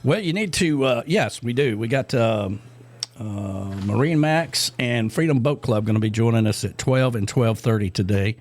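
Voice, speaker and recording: A man's voice: mid-range voice, animated, normal speed, darkish tone. Rambling middle-aged radio co-host man. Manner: rambling, many fillers and restarts. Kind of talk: casual radio chat.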